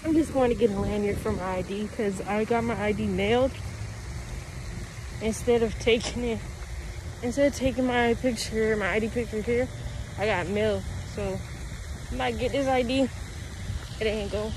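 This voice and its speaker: A teenage girl vlogging casually outdoors on a college campus, talking to her viewers in a loud, chatty way. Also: fairly high pitch, fairly even intonation, moderate pace, long pauses, noisy background. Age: teens. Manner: chatty, talks to viewers as y'all. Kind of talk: casual vlog chat.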